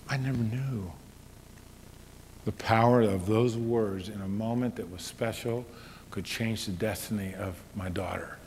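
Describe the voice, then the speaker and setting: A middle-aged man telling a personal story to an audience, his delivery swinging from loud exhortation to hushed, quiet tones. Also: lowish voice, fairly even intonation, unhurried. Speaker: speaker. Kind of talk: storytelling talk. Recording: reverberant hall with faint noise.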